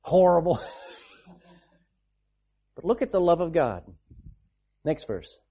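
A male preacher delivers a sermon in a lively, conversational manner, talking straight to his listeners. His voice is husky and mellow. His pitch swings widely as he speaks. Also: slow. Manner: animated, conversational preaching with asides and laughs.

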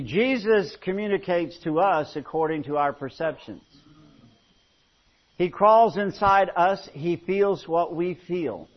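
High-voiced preacher, folksy and joking. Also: male voice. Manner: folksy humorous storytelling with frequent restarts. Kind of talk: sermon. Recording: dull lo-fi recording.

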